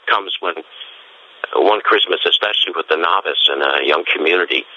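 A man, a friar, giving a gentle and musing Christmas homily in a scratchy voice, pausing often to reflect. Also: extremely low pitch. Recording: dull lo-fi recording.

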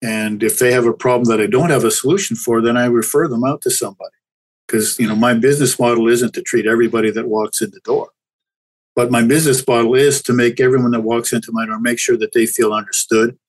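A Canadian chiropractor, an older man, is the guest in a casual interview, talking frankly and thoughtfully while often restarting sentences. He has a mid-range voice, and the recording quality is low.

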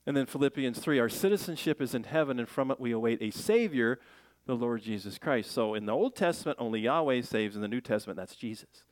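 Animated, joking male preacher. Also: mid-range voice, fast, no room sound. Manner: animated, jokey preaching with playful voices and laughs. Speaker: pastor. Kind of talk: sermon.

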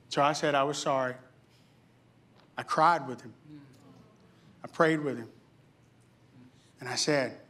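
A middle-aged male pastor preaching a sermon, telling a story with humor and acting out what people said. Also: mid-range voice. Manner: animated storyteller, jokes and acts out quotes.

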